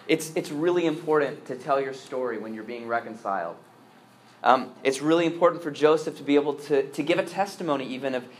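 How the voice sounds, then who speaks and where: A priest preaches fairly quickly in a medium-pitched voice. Earnest and emphatic, he repeats words as he restarts and shifts between forceful stresses and soft asides.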